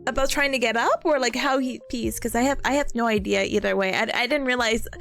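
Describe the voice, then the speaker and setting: Giggly high-voiced young woman streamer. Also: fairly quick, gravelly, faint music behind. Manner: giggly, frequent nervous laughter; animated, rambling story with restarts. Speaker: live streamer and nursing student. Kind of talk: casual storytelling to chat.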